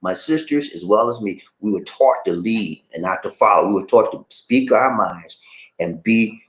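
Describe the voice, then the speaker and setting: Man, middle-aged, show host, outspoken, animated, wide-ranging pitch, echoey room. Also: moderate pace. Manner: animated, laughing, outspoken storyteller. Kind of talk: casual live-stream chat.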